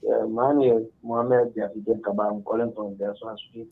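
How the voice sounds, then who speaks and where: A man with a Liberian English accent calling in to a radio show, speaking in a measured, hesitant way. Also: fairly low pitch, little pitch movement, vocal fry, slightly rough. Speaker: caller. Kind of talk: call-in radio comment. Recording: muffled phone line.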